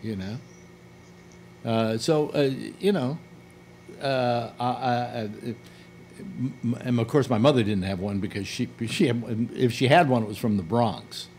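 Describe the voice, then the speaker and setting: A man's voice: medium pitch, a little slow, slight background noise. An older man hosting a casual conversation, talking in a rambling way, restarting his sentences often. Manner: animated, rambling with many restarts. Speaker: host.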